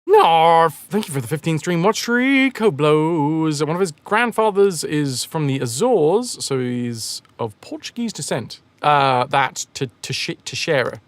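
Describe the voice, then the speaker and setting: Lively, jokey streamer man. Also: a little high, unhurried, hardly any pauses, no echo. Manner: jokey, rambling, reads and answers chat. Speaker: game streamer. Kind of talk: casual live-stream chat with viewers.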